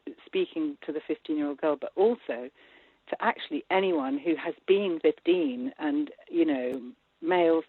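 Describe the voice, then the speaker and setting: A woman film director talking in an interview, animated and laughing, with many restarts. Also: low-pitched, breathy edge, no echo. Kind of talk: interview conversation. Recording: tinny phone-line sound.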